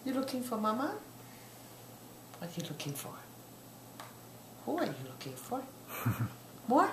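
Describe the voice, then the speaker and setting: An older grandmother talking baby talk in a sing-song, coaxing way, now and then dropping to soft whispers. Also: on the high side, huge pitch swings, unhurried. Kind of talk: baby talk while feeding a child. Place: home, indoors. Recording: echoey home room with background noise.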